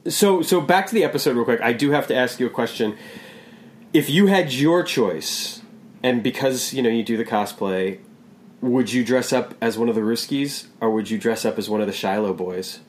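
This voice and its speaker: A man's voice: mid-range voice, normal speed, a little hiss or hum. Rambling male podcast host. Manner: rambling, stop-start. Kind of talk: casual chat.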